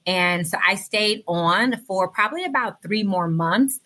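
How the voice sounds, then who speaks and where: Female interview guest: bright, tense voice, animated, heartfelt, talks to listeners directly. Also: mid-range voice, a little slow. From United States. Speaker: podcast guest. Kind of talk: casual interview storytelling.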